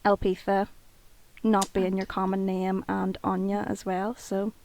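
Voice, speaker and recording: A Northern Irish woman in her twenties, co-hosting a podcast in expressive casual chat, swearing freely. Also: medium pitch, unhurried, creaky, slight background noise. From Northern Ireland. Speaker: podcast co-host.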